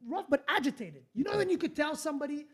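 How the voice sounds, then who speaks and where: A man, hosting a podcast and telling a story in a casual, animated, blunt way, swearing freely and restarting sentences. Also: very high-pitched, quick pace. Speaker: podcast host.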